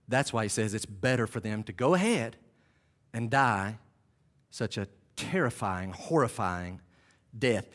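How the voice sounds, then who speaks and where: A male pastor delivers a sermon in a large church hall, and his voice rings with long reverb. He drops low and quiet to teach, then climbs loud and high to tell a story vividly.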